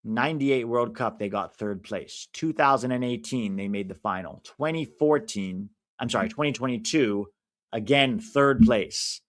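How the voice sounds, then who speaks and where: A man's voice: medium pitch, measured pace. American man streaming a football watch-along. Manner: chatty, reacts loudly to big moments.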